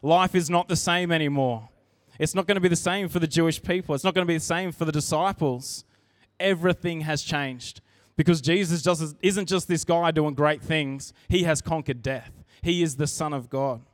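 Guy preaching at church, kinda high voice, dry close sound, chatty and earnest, restarts a lot. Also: normal speed, no echo. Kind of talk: sermon.

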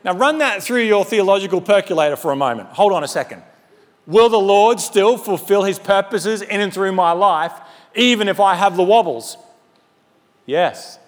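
A pastor preaching a sermon in an animated, conversational way with humorous asides. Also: male voice, high-pitched, moderate pace. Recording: long hall reverb.

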